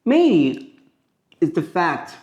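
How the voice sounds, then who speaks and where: Playful home cook. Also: male voice, fairly high pitch, wildly swooping pitch, extremely slow, a little mellow, muffled recording. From Italy. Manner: playful, exclamatory, self-mocking. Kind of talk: cooking demonstration.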